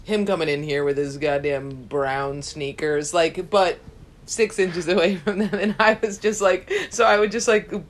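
A young woman in casual chat, telling a story in an animated way and laughing often. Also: fairly low pitch, normal speed.

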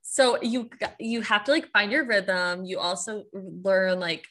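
A woman's voice: medium pitch, steady tone, a little slow, a bit bright. A young woman from the Midwest with a Midwestern accent, chatting casually as a podcast guest, nasal, with rising endings and lots of "like". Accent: Midwestern American. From Midwest United States. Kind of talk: casual chat.

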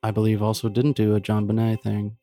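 A man co-hosting a casual podcast chat, reflective and slowing down when he reads a quote aloud. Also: fairly low pitch, monotone, mellow, faint music behind. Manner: reflective, slows down to read a quote.

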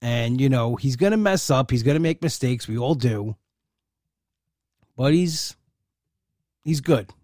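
A man's voice: mid-range voice, lively intonation, measured pace, pauses often, mellow, dry recording, clean studio sound. A man in a casual personal monologue, rambling with many fillers and restarts, heartfelt and proud. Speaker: uncle and godfather.

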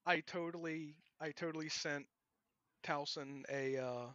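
A man's voice: a little high, steady tone, unhurried, a bit bright, no room sound. A man co-hosting a podcast in casual chat, a bit hesitant and self-deprecating. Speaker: podcast co-host. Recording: dull lo-fi podcast mic.

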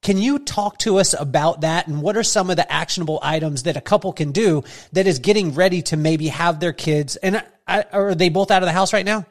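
A man's voice: high-pitched, fairly quick, hardly any pauses. A man hosting a podcast interview, chatting casually, telling funny stories and laughing often. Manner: jokey, storytelling, laughs often. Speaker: podcast host.

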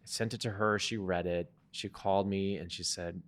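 A man in his thirties tells a personal story on a podcast, chatty and animated as he acts out the dialogue. His voice sits very low. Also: normal speed. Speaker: podcast co-host.

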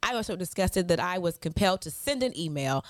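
A woman's voice: on the low side, expressive, brisk, no echo. A woman in her thirties co-hosting a podcast. She talks in a sassy, mocking way and reads hate mail aloud, laughing as she goes. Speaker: podcast co-host. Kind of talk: casual chat.

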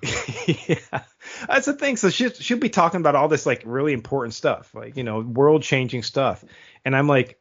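A man in his thirties hosts a podcast, chatting casually in rambling stories and laughing often between phrases. His voice is fairly high, expressive, and fairly bright, at a moderate pace. The recording is dull and lo-fi.

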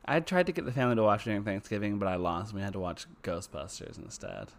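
A man co-hosting a podcast in loose, chatty talk, with a fairly low voice that keeps jumping up and down in pitch. He gets excited fast, swears, and often trails off mid-sentence before starting over. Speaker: podcast co-host. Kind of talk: casual chat.

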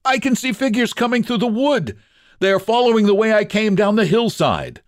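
A man voicing a trapped nobleman who calls out in a strained, excited voice. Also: high-pitched, unhurried, no room sound, clean studio sound, pitched above the performer's own voice. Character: high-strung male nobleman trapped in a forest.

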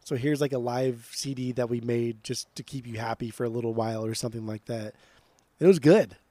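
A man's voice: medium pitch, steady tone, brisk, warm tone, no echo. A man co-hosting a podcast in casual chat, enthusiastic and stammering, with frequent repeated starts. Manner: enthusiastic, stammering restarts, swears. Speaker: podcast co-host.

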